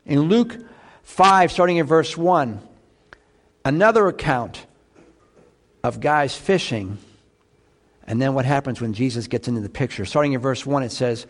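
A man's voice: lively intonation, a little slow, long pauses. Man preaching a conversational sermon. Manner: conversational preaching with rhetorical questions to the congregation; swings between loud emphatic lines and quiet low asides. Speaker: pastor.

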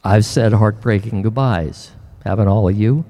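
An older man preaching a sermon as pastor, earnest and emotional, often pausing and restarting his words. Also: lowish voice, mellow, big-room sound.

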